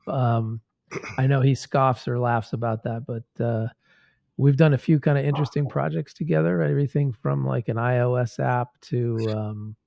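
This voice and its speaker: A man's voice: mid-range voice, flat delivery, moderate pace, vocal fry, warm tone, no echo. A man hosting a podcast in casual, loose conversation, with many fillers. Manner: loose, filler-heavy, friendly. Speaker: podcast host. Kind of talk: casual interview chat. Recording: dull, dry lo-fi sound.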